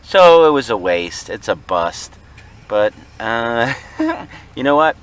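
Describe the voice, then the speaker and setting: A man's voice: medium pitch, very animated, slow, a bit bright, slight background noise. A man vlogging casually from a car, joking, laughing often and mimicking friends in silly voices. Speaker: reseller vlogger. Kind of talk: casual car vlog chat.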